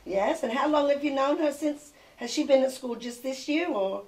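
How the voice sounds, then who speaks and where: High-voiced older woman gushing on TV. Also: normal speed, darkish tone. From England. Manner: gushing, sing-song, doting. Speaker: TV show host. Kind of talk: casual chat with a child guest.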